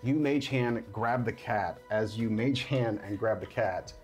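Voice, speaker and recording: A man's voice: on the low side, soft background music. A casual man running a tabletop game. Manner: casual, halting narration with fillers. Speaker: dungeon master.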